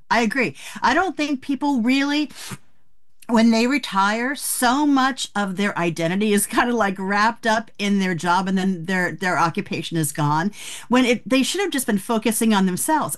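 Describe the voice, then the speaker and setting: A woman in her sixties, an author being interviewed, telling frank, animated stories about aging. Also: medium pitch. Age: 60s. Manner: frank, animated storytelling with laughs. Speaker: author guest. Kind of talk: candid interview talk.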